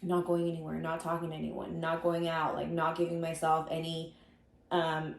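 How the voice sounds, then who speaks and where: A woman's voice: low voice, completely flat delivery, normal speed, creaky, echoey room. A woman co-hosting a podcast in casual chat, telling a story animatedly and acting out quotes. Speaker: podcast co-host.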